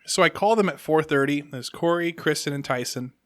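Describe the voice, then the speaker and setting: A podcast host with a slightly high voice speaks fairly quickly, telling stories in casual chat and acting out the voices of the people in them. The recording is dry and studio-clean.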